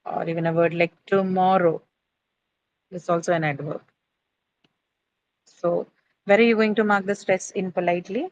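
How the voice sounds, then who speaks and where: A woman's voice: lowish voice, steady tone, normal speed, long pauses, highs cut off. A woman teaching an English class on word stress in a classroom, checking in with students and often adding "right?" and "uh".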